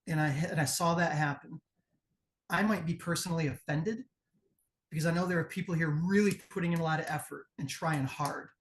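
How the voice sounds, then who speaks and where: Blunt male judge with a Midwestern accent, swears freely, light noise under the voice. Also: a little high. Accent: Midwestern American. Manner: blunt, profane, acts out crowd chants. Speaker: promo competition judge. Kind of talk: candid spoken critique.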